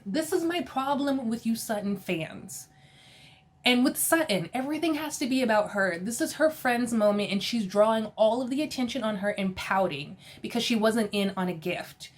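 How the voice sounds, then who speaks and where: A woman recapping a reality show in a casual, opinionated way, animated and sassy, often laughing and quoting people in exasperated voices. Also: a little high, moderate pace.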